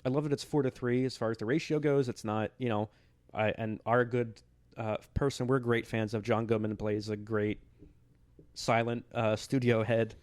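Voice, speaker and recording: A podcast co-host, a man with a middle-pitched voice, caught dry and close on the mic. He talks about movies in an eager, rambling way and stumbles through restarts as his thoughts run ahead. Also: little pitch movement, normal speed, a little mellow, dry recording. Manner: enthusiastic, rambling with many restarts. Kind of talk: casual film chat.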